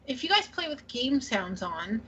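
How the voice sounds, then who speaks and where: A woman from Canada co-hosting a casual gaming podcast, her voice sitting a little high. She rambles, hesitates and trails off mid-thought. The sound is slightly muffled, with a faint hiss behind it. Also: very animated, a little slow, bright, forceful tone. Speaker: podcast co-host.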